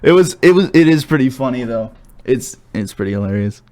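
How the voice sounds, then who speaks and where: A man's voice: medium pitch, animated, brisk, mellow. A young man co-hosting a podcast, chatting casually, rambling and laughing as he stumbles and restarts. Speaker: podcast co-host. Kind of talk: casual chat.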